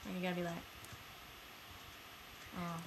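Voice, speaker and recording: A woman's voice: on the low side, monotone, unhurried. A young woman chatting casually with lots of fillers while gaming with a friend. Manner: chatty, teasing, filler-heavy. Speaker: co-player. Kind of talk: casual chat. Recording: noisy home recording.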